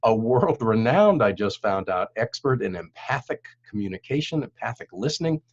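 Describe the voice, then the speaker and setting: A man hosting an interview, warmly enthusiastic and stumbling over his first words. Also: mid-range voice, very animated, moderate pace, hardly any pauses, husky, dull audio. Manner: enthusiastic, repeats words as he starts. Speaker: interview host.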